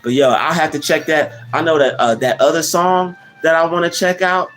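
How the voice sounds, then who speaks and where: A man's voice: fairly high pitch, steady tone, normal speed. A man hosting a casual livestream, rambling with many restarts and slang fillers while reading the chat. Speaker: livestream host. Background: soft background music.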